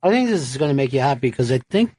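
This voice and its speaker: A man's voice: mid-range voice, sing-song, rapid-fire, warm tone, breathy edge, dry recording. A man hosting a radio show, joking and teasing his guests in casual, profane banter on a studio mic.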